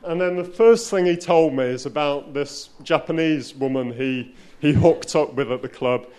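A man with a slightly high voice tells a personal story live on stage. His delivery is wry and self-mocking, and he often stumbles and restarts sentences as he goes. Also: darkish tone, clean tone. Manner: self-deprecating, wry, halting with frequent restarts. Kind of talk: live spoken-word storytelling.

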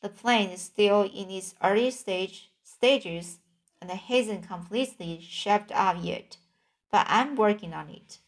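A woman voicing a calm, wise female spider in a storybook, cool and reassuring. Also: medium pitch, slow pace.

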